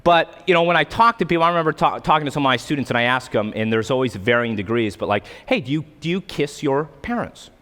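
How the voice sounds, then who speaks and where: Animated young preacher in a reverberant hall. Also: male voice, mid-range voice, quick pace, few pauses. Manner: animated storytelling, acting out quotes. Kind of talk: casual sermon with humor. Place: church stage with hall reverb.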